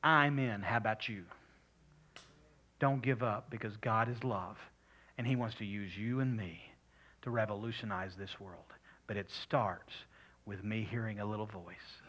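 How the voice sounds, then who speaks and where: A man pastor preaching and praying, swinging between loud appeals and soft whispered prayer. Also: on the low side, moderate pace, husky. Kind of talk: sermon and prayer.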